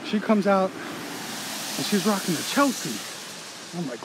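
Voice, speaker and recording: An excited man rambles and swears his way through a story in a fairly high voice, recorded on a handheld phone outdoors. Loud street noise and passing traffic sit under his voice throughout. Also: unhurried. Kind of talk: casual vlog monologue. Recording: noisy street background.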